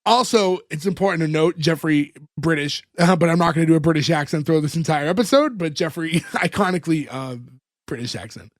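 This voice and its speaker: Man, podcast co-host, high voice, dry close sound, rambling recap with fillers. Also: fairly quick, no echo. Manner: rambling, fillers and chuckles while retelling scenes. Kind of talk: casual chat recapping an episode.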